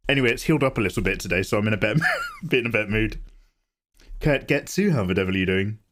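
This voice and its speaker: A young man streams himself drawing and chats loudly to his viewers, swearing freely. His croaky voice jumps up and down in pitch with lots of energy. It is picked up close on a desk microphone at home. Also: fast talker, a little hiss or hum. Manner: animated, swears a lot, talks loudly. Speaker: livestreaming artist. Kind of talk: casual chat while drawing.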